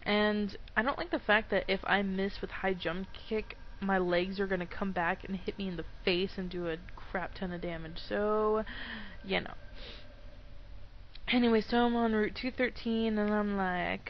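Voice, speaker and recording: A woman's voice: mid-range voice, fairly even intonation, moderate pace. A young woman giving rambling, giggly let's play commentary at home on a dull, lo-fi mic. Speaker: gamer. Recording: dull lo-fi mic with faint noise.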